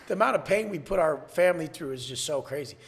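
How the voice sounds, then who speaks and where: A man's voice: a little high, lively intonation, quick pace. A man from San Diego telling his life story bluntly as a podcast guest, cursing freely and acting out the voices of others. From San Diego, USA. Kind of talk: candid storytelling interview.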